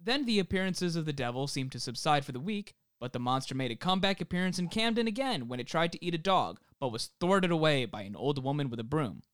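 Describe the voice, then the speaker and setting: A young man reads researched notes aloud as a podcast co-host, steady and then cracking jokes. His voice sits on the higher side and is smooth and clean. The recording is dry and close. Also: fast talker, hardly any pauses, no room sound. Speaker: podcast co-host presenting the story. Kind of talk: reading researched notes with banter. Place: home, self-isolating.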